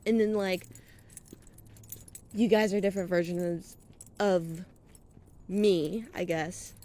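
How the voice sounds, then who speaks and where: A woman's voice: fairly low pitch, steady tone, slow, mellow. A young woman vlogging as she walks outdoors at night, talking in a casual, rambling way, swearing freely and a bit out of breath. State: out of breath from walking. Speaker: vlogger and podcaster. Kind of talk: rambling personal monologue.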